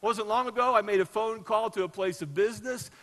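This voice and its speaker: A middle-aged man preaches to his church in a high, bright voice. He tells stories, leaning hard on key words and then dropping to soft, low asides. The sound carries a long echo through a large hall. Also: fast talker. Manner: storytelling, swings from loud emphasis to soft low asides. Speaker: pastor. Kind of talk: sermon.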